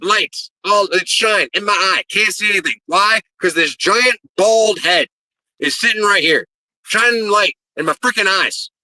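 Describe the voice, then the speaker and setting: A man's voice: high-pitched, measured pace, sharp tone, dry recording, rough recording. A man, a pro wrestler, cutting a brash, profane promo and rambling and stammering through interview answers.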